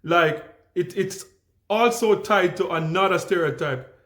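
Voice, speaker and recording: Calm Jamaican man, echoey room. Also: high-pitched, unhurried. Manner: calm, easygoing, frequent restarts and fillers. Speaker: vlogger. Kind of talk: casual storytelling to camera.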